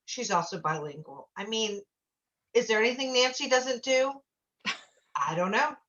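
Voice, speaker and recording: Bright, gushing woman host with dull audio. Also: a little high, expressive, normal speed. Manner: gushing and effusive, with many restarts. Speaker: talk show host. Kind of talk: interview on a video show.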